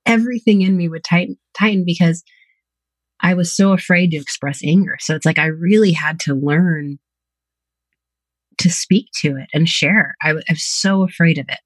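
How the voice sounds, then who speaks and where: A woman's voice: fairly low pitch, normal speed, dry recording. A woman psychotherapist speaking candidly in a podcast interview, telling reflective stories about her own life and her clients. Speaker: psychotherapist guest.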